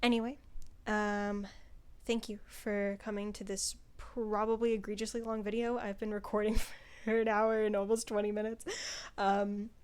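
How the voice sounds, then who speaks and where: A young woman talking casually through a book review, chatty, with many fillers and some swearing when excited. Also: medium pitch, normal speed, clear, resonant tone.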